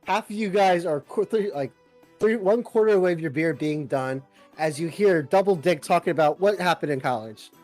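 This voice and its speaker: A man's voice: fairly high pitch, moderate pace, a little mellow, faint music behind. A man narrating as game master, loose and rambling with lots of filler.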